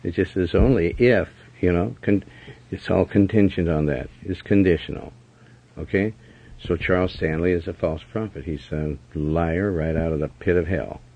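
A man's voice: sits low, moderate pace, breathy edge. A man preaching a sermon commentary in a blunt, scolding way, hammering his points with repetition. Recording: dull lo-fi recording.

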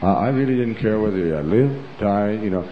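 A man's voice: fairly low pitch, expressive, a little fast, a little hiss or hum. A man giving an emphatic, rambling personal testimony as a preacher, full of asides like "you know". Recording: roomy, dull lo-fi recording.

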